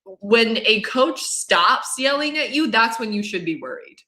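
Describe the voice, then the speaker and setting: Female mental-performance coach as guest, explanatory, bright ringing tone. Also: on the high side, animated, measured pace. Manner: explanatory, often checks in with "right?". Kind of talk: casual podcast interview.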